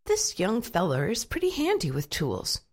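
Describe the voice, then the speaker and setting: A woman's voice: on the low side, huge pitch swings, breathy edge, heavily acted. Woman doing a patient old farmer. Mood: fatherly. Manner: slow, fatherly instruction. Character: kindly older male farmer, patient and firm.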